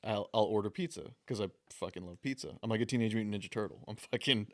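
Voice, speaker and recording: A man's voice: on the low side, fast talker, dry recording, clean studio sound. A young man co-hosting a podcast, telling stories in crude, casual banter and laughing often. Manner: storytelling, laughs often, swears a lot. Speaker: podcast co-host.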